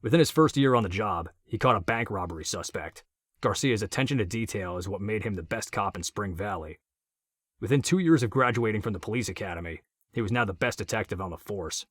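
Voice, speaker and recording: A man narrating an audiobook in a steady, matter-of-fact reading. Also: lowish voice, brisk, slightly rough, no room sound, clean studio sound.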